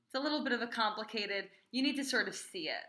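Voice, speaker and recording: A woman cantor teaching a small class how to chant Torah trope, chatty and encouraging, often checking with "right?" and singing phrases slowly. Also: a little high, lively intonation, pushed and bright. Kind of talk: informal small-group class.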